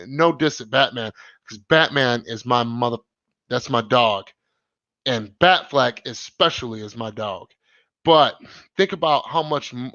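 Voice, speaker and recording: Excitable man rambling on a live stream. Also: fairly high pitch, no echo, dull audio. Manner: excited, rambling, slangy, lots of restarts. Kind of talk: casual live stream chat.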